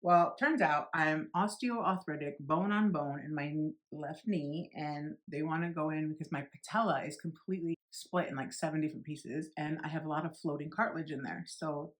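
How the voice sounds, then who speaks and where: With a deep voice, a moderate pace and few pauses, a beauty vlogger in her forties tells a candid, blunt personal story. She swears freely and acts out what others said.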